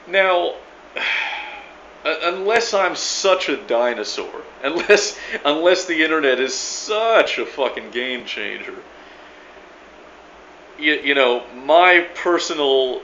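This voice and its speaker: A man's voice: medium pitch, fairly bright tone, slight background noise. A middle-aged man giving a rambling video reply, stammering, repeating words and swearing with emphatic force. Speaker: vlogger replying to another creator. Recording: echoey room, dull lo-fi sound.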